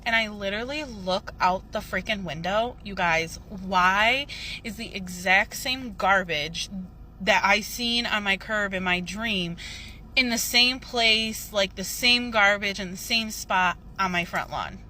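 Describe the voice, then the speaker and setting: A woman's voice: mid-range voice, measured pace, a little hiss or hum. A woman casually retelling a vivid dream, full of fillers and quoted dialogue. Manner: filler-heavy, animated retelling. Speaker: storyteller recounting a dream. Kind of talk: casual storytime.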